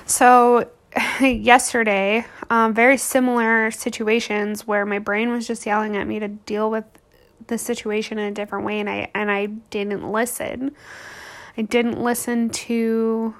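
A woman's voice: fairly high pitch, little pitch movement, measured pace. A woman in her thirties hosting a podcast, telling a candid personal story in an emotional, rambling way full of restarts and fillers. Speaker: podcast host.

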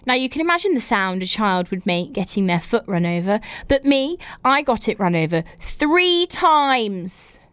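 A woman's voice: fairly high pitch, sing-song, moderate pace, fairly bright tone, clean tone, dry recording. A young woman from England hosting a casual podcast, reading out listeners' stories and reacting with exaggerated, giggly comments. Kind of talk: casual chat.

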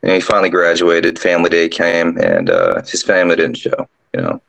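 A drill sergeant guest casually telling a ghost story, rambling along with lots of fillers. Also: male voice, deep voice, sing-song, brisk, vocal fry, a bit bright, poor audio.

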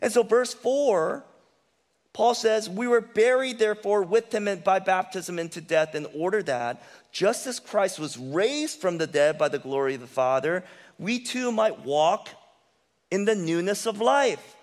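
A man's voice: high-pitched, animated, measured pace, long reverb tail. A male pastor preaching a sermon, building up with rhetorical questions and emphatic repetition. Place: church sanctuary.

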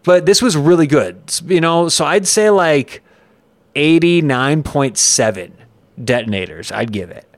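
A man co-hosting a podcast, telling a story in a playful, animated way with quick asides. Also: on the high side, dry recording. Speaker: podcast co-host. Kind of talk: casual chat.

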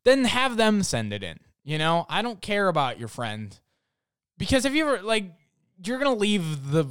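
Smooth-voiced young man telling a rambling story. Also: on the high side, moderate pace, no echo, clean studio sound. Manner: rambling, filler-heavy, deadpan jokes. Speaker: podcast host. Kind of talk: casual storytelling.

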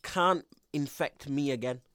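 A man's voice: mid-range voice, a little slow, fairly bright tone, clear, resonant tone. A young man, co-hosting a podcast and explaining things earnestly in casual chat. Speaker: podcast co-host. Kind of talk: casual banter.

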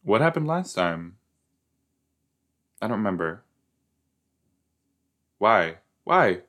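A man hosting a casual reaction show about a TV episode, excitable and joking, with sudden jumps into high squeals. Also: takes it slowly, long pauses.

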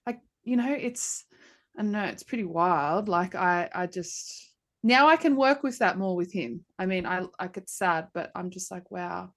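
A woman's voice: fairly low pitch, measured pace. A woman in her thirties, a podcast host, tells a personal story in casual talk with lots of fillers. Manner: animated storytelling, many fillers. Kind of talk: casual conversation.

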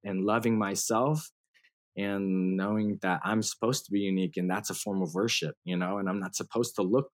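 A man's voice: lowish voice, steady tone, moderate pace. A man in his thirties telling his story as a guest in a casual interview, laughing often and using slang and fillers. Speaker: guest musician.

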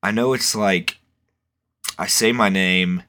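A man's voice: sits low, takes it slowly, pushed and bright. A young man in casual chat, rambling and swearing, with lots of fillers. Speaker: podcast co-host.

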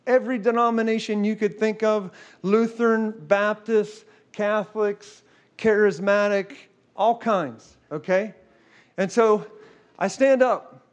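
Male preacher with a high voice, animated and fast in the story parts of a sermon. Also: muffled recording. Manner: animated, fast storytelling with repeated "okay?" and "guess what".

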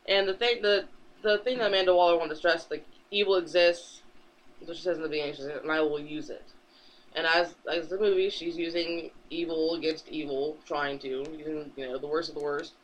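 A man co-hosting a podcast, casually retelling a comic book plot in a rambling way, swearing freely and dropping into quick character voices. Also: a little high, steady tone, a bit bright, slight background noise. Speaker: podcast co-host. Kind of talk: casual chat, recapping a comic. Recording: dull lo-fi recording.

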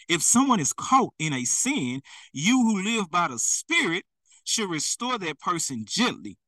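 Emphatic, lively, bright-voiced male preacher. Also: a little high, no echo, far from the mic, poor audio. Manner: emphatic, repetitive, addresses listeners directly. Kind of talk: sermon.

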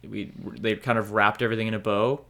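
A man's voice: on the low side, little pitch movement, a little fast, gravelly, bright, forceful tone. A man co-hosting a podcast, talking casually and hedging his points, with some swearing. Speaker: podcast co-host. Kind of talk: casual chat.

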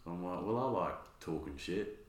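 A man's voice: low-pitched, lively intonation, moderate pace. An Australian man co-hosting a podcast, laid-back with dry jokes in casual banter. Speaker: podcast co-host. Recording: roomy, distant mic, faint hum.

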